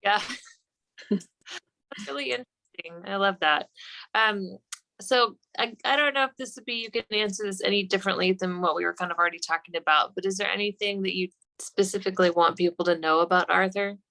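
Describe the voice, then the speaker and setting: A woman hosting a podcast, with a bright, crisp voice at a middle pitch. She leads a relaxed interview and keeps the guest going with quick, affirming replies. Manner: warm affirming listener with short backchannels. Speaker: podcast host. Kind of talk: casual interview.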